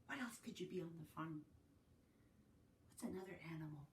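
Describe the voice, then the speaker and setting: A woman from Canada leading a virtual family literacy circle, singing rhymes and talking gently and encouragingly to young children. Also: on the low side, fairly quick, background noise. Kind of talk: virtual circle-time lesson with songs and rhymes. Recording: distant mic in an echoey room.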